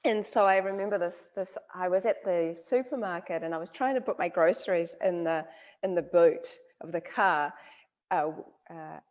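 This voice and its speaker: A woman with a New Zealand accent hosting an interview, telling lively stories and laughing often. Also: fairly low pitch, normal speed. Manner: animated storyteller, laughs often. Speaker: interview host. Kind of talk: casual conversational interview.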